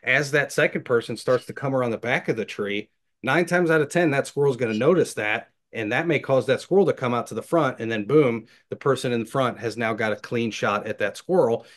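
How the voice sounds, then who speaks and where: A man with a Midwestern American accent teaching squirrel hunting in a webinar, lively and imitating animal footsteps. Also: medium pitch, fairly quick. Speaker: hunting instructor.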